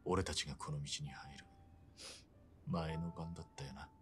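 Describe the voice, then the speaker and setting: An actor playing a brash young yakuza who talks roughly and fast in a video game. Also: very deep voice, steady tone, soft background music. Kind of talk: game voice acting.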